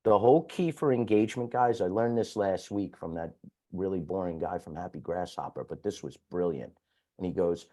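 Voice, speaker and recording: A man speaking as a guest sales coach who talks fast, bluntly and with some swearing. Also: deep voice, darkish tone. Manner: fast-talking, blunt and profane.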